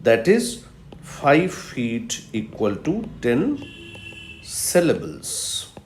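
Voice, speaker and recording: Slow, emphatic lecturer. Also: male voice, mid-range voice, wildly swooping pitch, a little hiss or hum. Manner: slow, emphatic teaching with repetitions and fillers. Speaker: English literature lecturer. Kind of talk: recorded video lecture. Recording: echoey room.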